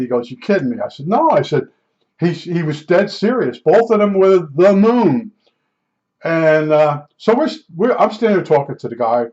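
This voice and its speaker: A man's voice: a little high, darkish tone. A man telling a rambling personal story in a casual way, full of restarts and asides. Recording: dull lo-fi recording.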